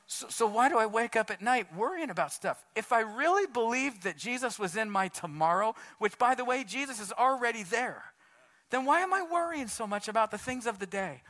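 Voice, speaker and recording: A man's voice: high-pitched, pushed and bright. A man preaching a sermon as pastor, earnest and casual, often calling his listeners "man".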